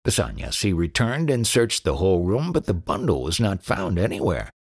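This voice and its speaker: A man narrating spiritual stories in an audiobook with an expressive reading. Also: low-pitched, normal speed, gravelly, breathy edge. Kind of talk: storytelling narration.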